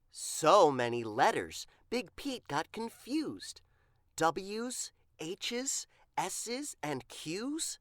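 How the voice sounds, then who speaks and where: A woman reading a children's picture book aloud with an animated, expressive storytelling manner. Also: fairly low pitch, very slow, dry recording, studio quality.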